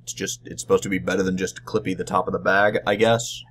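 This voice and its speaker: Young male vlogger, lowish voice, halting and rambling, dry wry humor, casual recap. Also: flat delivery, a bit bright, slight background noise. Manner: rambling, halting, many restarts and fillers.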